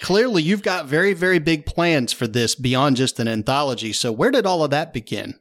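A man's voice: on the high side, lively intonation, brisk, fairly bright tone. A man co-hosting a podcast, asking questions in an upbeat, enthusiastic way. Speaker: podcast co-host. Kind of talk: casual podcast chat.

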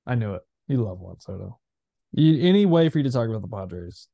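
Male podcast co-host, thirties, mellow timbre, rambling casual talk, dry close mic. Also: on the low side, a little fast, gravelly, no room sound. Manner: animated, rambling, lots of fillers. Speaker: podcast co-host, former player. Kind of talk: casual chat.

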